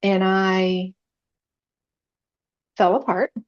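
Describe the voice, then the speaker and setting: A woman's voice: medium pitch, fairly even intonation, drawn-out words, dull audio. A woman podcast guest, a chaplain, telling her personal faith story in an earnest, emotional way.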